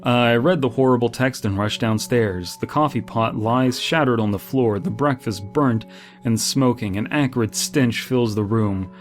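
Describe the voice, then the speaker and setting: A man with an ordinary mid-range voice reads a horror story aloud, stopping often to pick it apart. His asides are sarcastic and exasperated, loaded with "like" and restarts. Soft music plays quietly behind him. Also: medium pitch, unhurried. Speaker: horror story reader and critic. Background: faint background music.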